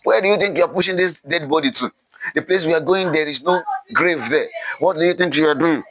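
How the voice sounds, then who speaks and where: A man voicing harsh, scornful rebel fighters who jeer quickly and loudly. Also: fairly high pitch, pitched above the performer's own voice, close to an everyday voice.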